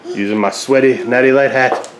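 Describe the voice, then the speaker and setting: A young father filming his toddlers at home on a handheld camera, chatting casually and jumping into a high sing-song voice when he plays with them. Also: fairly even intonation, normal speed. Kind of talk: casual family vlog. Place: family home, living room. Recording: noisy home camera audio.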